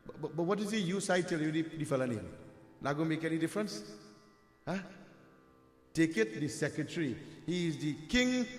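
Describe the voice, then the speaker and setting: A Hindu preacher from Trinidad, with a Trinidadian accent and a slightly high voice full of lively intonation, tells a devotional katha as a sermon, speaking a little fast but pausing often. He addresses "my dear friends" and asks "huh?" in a rhetorical way, his words ringing through an echoey hall with long reverb.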